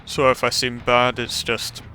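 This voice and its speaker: A man's voice: medium pitch, completely flat delivery, measured pace, noisy background. A man giving casual, rambling gameplay commentary with self-deprecating remarks. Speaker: gaming channel host.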